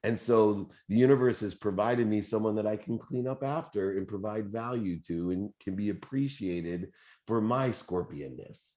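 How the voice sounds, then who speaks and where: A very deep, low-pitched man in his fifties runs a live motivational Q&A. He talks in an animated, conversational way and drops in fillers as he goes. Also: normal speed, muffled recording. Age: 50s. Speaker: host.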